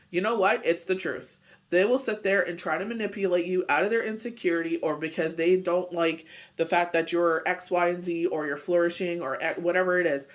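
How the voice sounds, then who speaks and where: Still getting over a bad cold, this man gives a casual daily tarot reading in a high voice, his delivery fairly quick and his intonation fairly even. He rambles freely, leaning on "you know" and "it's just like."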